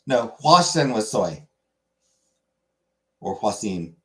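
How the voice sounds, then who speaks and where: A man hosting a trivia night in a low voice that swings up and down a lot. He talks slowly and keeps stumbling over foreign words, poking fun at his own pronunciation. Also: animated.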